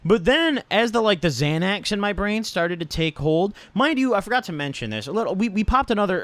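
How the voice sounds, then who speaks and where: A man's voice: on the high side, a bit bright, no echo. A young man telling a casual storytime in a slangy manner, swearing often and tagging lines with "right?" and "dude". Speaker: vlogger.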